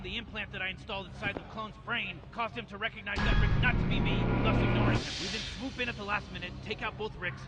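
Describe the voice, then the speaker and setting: A man's voice: sits high, natural voice. A man voicing Rick, a careless old mad scientist who rambles through his plans and brushes off worries, as a fan impression over gameplay. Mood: smug. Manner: rambling, dismissive.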